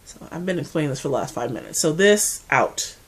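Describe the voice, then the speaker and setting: A woman from the Mid-Atlantic United States with an American accent, chatting casually to camera as a beauty vlogger, animated and full of asides. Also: low-pitched, a little fast, husky.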